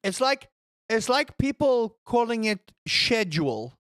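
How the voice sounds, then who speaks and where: A gaming streamer chatting casually with viewers while playing, rambling and swearing, with sudden high outbursts. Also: a little slow, dry recording. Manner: animated, rambling, swears, jumps to high shouts.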